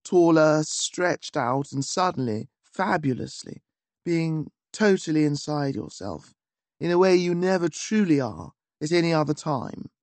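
Wry measured male audiobook narrator. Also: on the high side, animated, darkish tone, dry recording. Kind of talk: scripted first-person narration. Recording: dry close studio.

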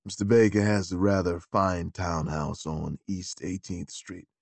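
Formal manservant voiced by a man, deferential, low measured voice, dry close recording. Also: gravelly, no echo, heavily acted. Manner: measured, polite, low and even.

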